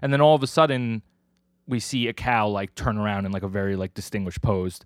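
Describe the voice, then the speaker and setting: A man's voice: fairly low pitch, steady tone, fairly quick, no room sound, clean studio sound. A man co-hosting a podcast, casually recapping a manga story in a rambling way with lots of fillers. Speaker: podcast co-host.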